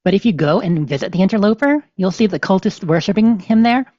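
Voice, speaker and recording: Talking fast with lively intonation, this woman's warm, mid-range voice carries a loose, rambling podcast chat stuffed with fillers like "you know." Now and then she reads out game notes; the audio is dry, lo-fi, and slightly dull.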